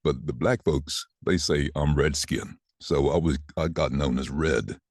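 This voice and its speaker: Brief: man, 60s, extremely low husky voice, dry close mic, animated storyteller who mimics others. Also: unhurried, dry recording. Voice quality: deep voice. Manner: animated, acts out quoted voices. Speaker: voice actor guest. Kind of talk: casual interview storytelling.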